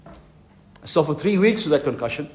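Fervent high-voiced male preacher. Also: animated, a little mellow. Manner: fervent, emphatic preaching with slow stressed phrases. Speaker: pastor. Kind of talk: conference sermon. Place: conference hall.

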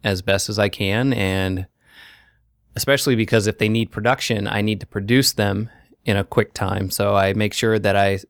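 A male voiceover actor speaking earnestly as a guest in a casual interview, in quick bursts. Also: on the low side, steady tone, creaky, smooth, dry recording, studio quality.

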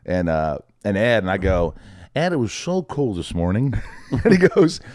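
A podcast guest and actor, a middle-aged man from Indiana, shares anecdotes in casual talk, lively and acting out others' voices. He speaks in a low voice at a moderate pace, in studio-quality audio without echo.

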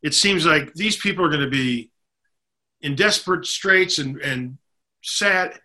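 A man's voice: on the high side, unhurried, pushed and bright. A man as a podcast guest, speaking earnestly and reflectively about faith, joy and people in hardship. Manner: earnest, talks of faith and shared meals. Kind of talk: reflective casual conversation.

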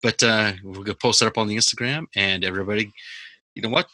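Guy hosting a podcast on a call, swears every other word, really bright punchy tone, dry sound. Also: fairly low pitch, animated, fast, no room sound. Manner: blunt, emphatic, heavy cursing. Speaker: podcast host. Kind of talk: casual podcast chat. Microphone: video call.

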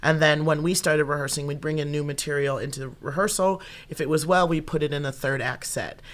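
A woman's voice: deep voice, brisk. A young adult woman, an improv comedian and actor, telling stories in a casual interview and acting out what people said. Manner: animated storyteller who acts out quoted dialogue.

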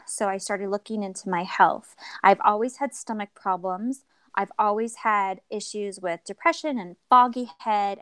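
A woman's voice: mid-range voice, smooth, no room sound. A young adult woman sharing a personal story as a podcast guest, acting out quoted dialogue and laughing often. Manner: expressive, acts out quoted dialogue.

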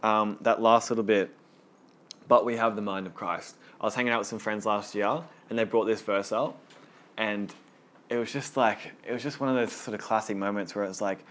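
A man's voice: lowish voice, steady tone, moderate pace, fairly bright tone. A man leading a small Bible study group, teaching casually and earnestly, often repeating words as he gets going.

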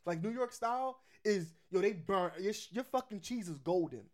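A man's voice: sits high, expressive, moderate pace. A man chatting casually about pizza spots, laid-back and profane, laughing often. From Philadelphia.

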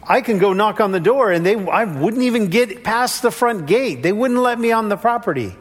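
A man with a high, light voice preaching a sermon in an easy, conversational way. He slips into the voices of the people he quotes to make a point. His words ring with a long reverb, as if he stood in a large hall. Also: lively intonation, moderate pace, slightly rough. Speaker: pastor.

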